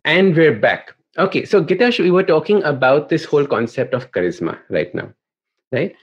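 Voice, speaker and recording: A man's voice: fairly high pitch, sing-song, moderate pace. A man hosting a podcast interview, chatting casually, prompting his guest and sharing anecdotes. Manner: conversational, prompting, relates anecdotes. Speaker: podcast host. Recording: dull lo-fi sound.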